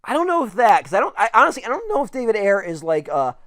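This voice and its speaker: A man co-hosting a casual film podcast, animated and laughing often, his speech full of "like" fillers. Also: high voice, fast, no room sound, studio quality. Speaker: podcast co-host.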